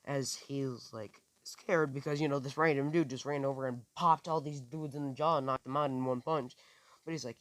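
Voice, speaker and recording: Casual man, mid pitch, loose improvised storytelling with lots of restarts. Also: brisk, dry recording. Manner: rambling, with many restarts and fillers. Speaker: amateur storyteller. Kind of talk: improvised fan-fiction storytelling.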